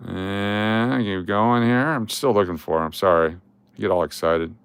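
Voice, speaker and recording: Here a middle-aged man runs a relaxed vlog for his coin collecting channel, talking through old photos with rambling jokes, chuckles and trailing restarts. His lowish voice is smooth and moves a little slowly.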